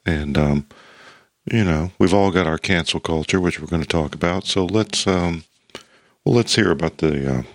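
Deadpan podcast co-host, man with a very deep voice, recorded dry and close. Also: normal speed, no echo. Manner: wry, deadpan joking. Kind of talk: casual chat.

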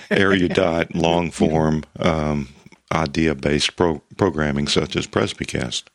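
A man co-hosting a podcast in casual chat, making wry deadpan jokes. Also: rumbling low, slow pace, dry recording, clean studio sound. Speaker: podcast co-host.

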